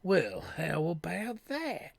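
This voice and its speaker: A man's voice: sits high, big pitch swings, slow pace, gravelly, dry recording. A man giving casual, laid-back gameplay commentary with chatty asides. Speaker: let's play host. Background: game music.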